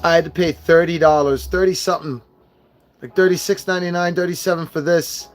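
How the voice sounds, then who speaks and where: A man's voice: on the high side, steady tone, brisk, soft background music. A young man ranting casually as he unboxes and reviews collectible figures, swearing often and venting his frustration. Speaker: toy reviewer.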